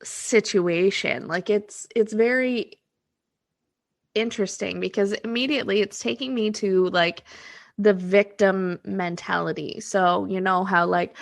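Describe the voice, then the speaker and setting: Speaking a little slowly with vocal fry, this woman has a mid-range voice and fairly even intonation. As a manifestation coach on her own casual podcast, she works through oracle card readings out loud, leaning heavily on fillers.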